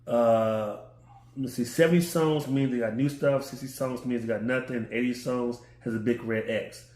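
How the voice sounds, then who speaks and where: A man's voice: medium pitch, steady tone, moderate pace, a little mellow. A man co-hosting a casual podcast, chiming in to fill in details of the recap. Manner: chiming in, backing up the other host's recap. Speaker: podcast co-host. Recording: roomy echo.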